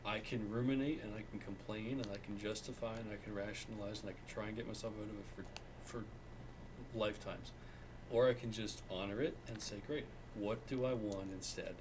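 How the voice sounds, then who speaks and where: Low-voiced reflective male co-host. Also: fairly even intonation, a little fast, background noise. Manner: reflective, coaching, speaks in acted-out inner dialogue. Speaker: podcast co-host. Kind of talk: casual conversation.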